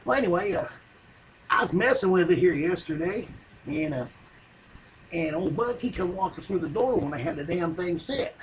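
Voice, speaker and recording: A man with a drawl rambles through a profane comic story in plain folksy grammar. His voice sits high for a man. The recording carries clear background noise. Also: lively intonation, moderate pace, muffled recording. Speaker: comedian telling a story. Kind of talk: stand-up comedy monologue.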